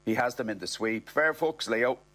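A blunt, gruff lad, as a man puts him on. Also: mid-range voice, moderate pace, a bit bright, lightly acted. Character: blunt young Dublin lad, eldest son.

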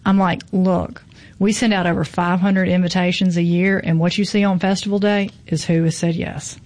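A woman's voice: on the low side, level tone, normal speed, a little mellow. A woman, a book festival organizer chatting casually and telling stories, acting out what people said. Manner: chatty storyteller, acts out quoted voices. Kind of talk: casual chat.

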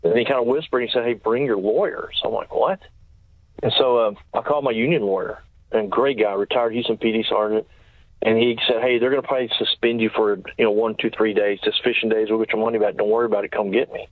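A man tells his story at a brisk clip, packing in dates and quoted exchanges. His voice sits at an ordinary pitch and comes through a tinny, narrow phone line with no room sound around it. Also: steady tone, no echo. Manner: fast, detailed recounting with quoted dialogue. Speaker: interview guest, former sheriff's deputy. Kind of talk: storytelling in an interview.

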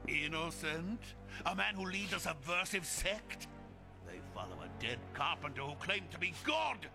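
A vain, pompous Roman emperor. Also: male voice, a little high, very animated, moderate pace, vocal fry. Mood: imperious. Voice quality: pompous, petulant and theatrical. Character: vain, paranoid Roman emperor, self-declared god. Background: music.

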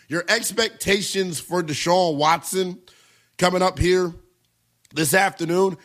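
A man's voice: on the high side, fairly bright tone. A man hosting a sports talk radio show, giving brash, emphatic opinions and taking calls.

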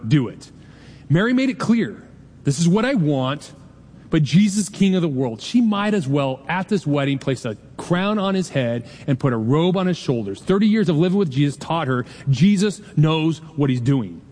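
A man's voice: fairly high pitch, darkish tone, husky. Man in his forties preaching in a reverberant hall. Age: 40s. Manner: conversational preaching, jokes with the congregation, quick asides. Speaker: pastor. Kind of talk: sermon.

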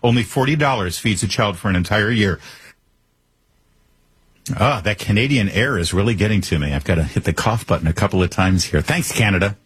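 A man's voice: sits low, husky. A man hosting a political talk show, delivering a monologue with sarcastic asides.

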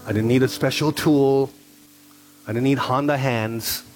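A man in his forties preaching a sermon as pastor, telling a personal story with quick asides and repeated phrases. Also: mid-range voice, steady tone, darkish tone.

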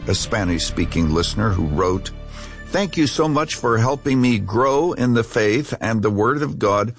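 A pastor addressing radio listeners directly, asking for support and carefully reading out contact details. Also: male voice, mid-range voice, breathy edge, dry recording. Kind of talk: fundraising appeal to listeners. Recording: dry studio with soft music beneath.

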